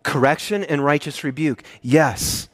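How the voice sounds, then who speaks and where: A man preaching a sermon as a pastor, earnest and emphatic, swinging between hushed soft lines and rising heartfelt appeals. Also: fairly high pitch, measured pace, no echo, studio quality.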